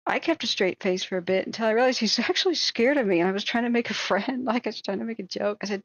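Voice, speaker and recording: A woman's voice: medium pitch, fast, hardly any pauses, no room sound. Rambling woman streamer, muffled audio. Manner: rambling, self-deprecating, many fillers. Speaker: live stream host. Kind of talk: casual storytelling.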